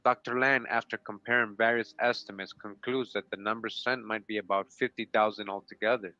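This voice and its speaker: Male co-host reading history sources aloud with brief remarks. Bright, tense tone, muffled lo-fi recording. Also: lowish voice, fairly even intonation, brisk, no room sound. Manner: reads citations in full, short comments. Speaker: show co-host. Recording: dull, lo-fi sound.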